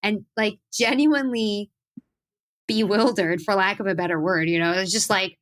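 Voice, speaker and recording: A young adult woman, a singer-songwriter, telling animated stories in a casual interview, acting out quotes and laughing often. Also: mid-range voice, normal speed.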